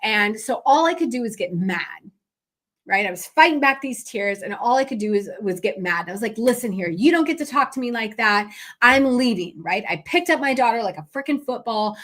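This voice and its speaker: A woman with a slightly high voice tells a personal story, chatting straight to her listeners. She talks casually, sprinkling in fillers and asking "right?" over and over. She sounds like a coach hosting her own podcast. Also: expressive, moderate pace, fairly bright tone. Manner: casual, conversational, addresses listeners directly; frequent fillers and tag questions. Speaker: business coach and podcast host.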